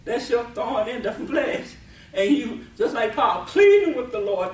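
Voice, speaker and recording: A woman's voice: on the high side, lively intonation, measured pace, a little mellow. A woman preaching a sermon at a deliverance meeting, emphatic, laughing often and repeating and restarting her words. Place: meeting venue. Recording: echoey room, voice from far off.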